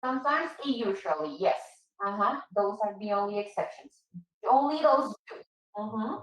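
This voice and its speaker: A woman teaching an English class, explaining patiently and repeating examples slowly for her students. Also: mid-range voice, animated, fairly bright tone, distant mic. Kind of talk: online English class for Spanish speakers. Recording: echoey room.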